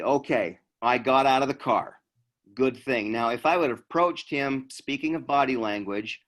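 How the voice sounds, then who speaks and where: Middle-aged guy from utah, trainer telling a story, talks casual, acts out the lines, normal pitch. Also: a bit bright. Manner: conversational, acts out dialogue. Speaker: law enforcement trainer.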